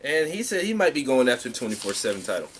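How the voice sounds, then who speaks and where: A man's voice: mid-range voice, big pitch swings, rapid-fire, a little hiss or hum. A man co-hosting a podcast, chatting casually through a wrestling recap and swearing now and then. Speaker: podcast co-host.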